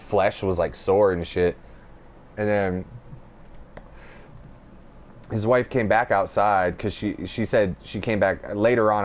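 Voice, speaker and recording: Young man, low voice, podcast host, casual chat, swears a lot, rambling. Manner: profane, rambling, animated retelling.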